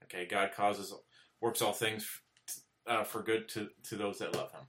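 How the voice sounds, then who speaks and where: A man's voice: on the low side, steady tone, unhurried, a bit bright, slight background noise. A man giving an informal sermon to camera, earnest and plainspoken, checking in with "okay?" and rising to emphatic repetitions. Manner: earnest, repeats "okay?" often, restarts, rises to emphatic peaks. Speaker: preacher. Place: indoors, speaking to camera.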